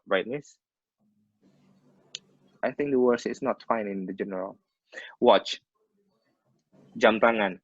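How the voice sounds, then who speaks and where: A man with an Indonesian accent lecturing on maritime English over a video call, in a mid-pitched voice. He works through ship terms and glosses them in Indonesian. The sound is dull and dry, typical of a muffled online meeting. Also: fairly bright tone, dry recording. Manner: explains terms by switching between English and Indonesian glosses, many restarts.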